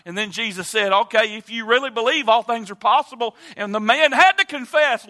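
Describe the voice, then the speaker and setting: A man preaching a sermon in a church, moving from quiet teaching to loud, impassioned appeals. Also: brisk, hardly any pauses. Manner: builds from low calm to loud impassioned preaching. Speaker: pastor. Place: church sanctuary.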